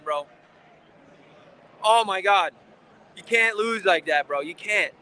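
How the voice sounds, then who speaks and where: A man's voice: sits high, takes it slowly, long pauses, pushed and bright. A man hosting a fan channel, giving an angry, frustrated live post-game rant outside a stadium, swearing often.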